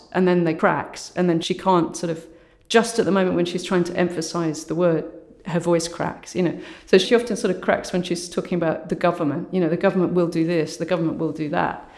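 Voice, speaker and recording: A woman artist with a low voice, speaking thoughtfully as an interview guest and often saying "you know" and "sort of". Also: darkish tone. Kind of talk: reflective conversational interview. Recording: roomy echo.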